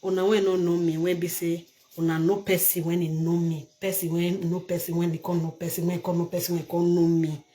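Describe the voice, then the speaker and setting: A woman's voice: fairly low pitch, flat delivery, a little fast, mellow. An older woman from Nigeria with a Nigerian Pidgin accent, talking straight to her viewers in a casual vlog, emphatic and pleading, often repeating herself. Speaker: vlogger. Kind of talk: casual direct-to-camera vlog.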